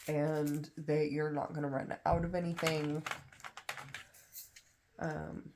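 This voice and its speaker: A woman's voice: low voice, background noise. A young woman chatting casually while she sorts craft supplies at home, rambling and poking fun at herself with lots of fillers. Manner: rambling, self-deprecating, many fillers. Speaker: crafting vlogger. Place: home, kids in another room.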